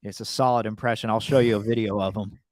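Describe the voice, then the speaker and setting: A man co-hosting a podcast in casual chat, often halting and repeating words as he thinks. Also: fairly low pitch, steady tone, a little mellow, no room sound. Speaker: podcast co-host.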